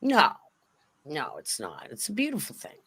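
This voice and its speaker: A middle-aged woman from Southern California telling anecdotes in casual chat, expressive and quick to laugh. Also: low voice, husky. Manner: expressive, laughing, acts out voices.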